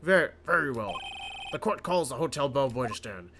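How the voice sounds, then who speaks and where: A stern, formal older judge, as a man puts him on presides over the court. His voice moves lively in pitch and stays measured and official. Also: background noise, lightly acted.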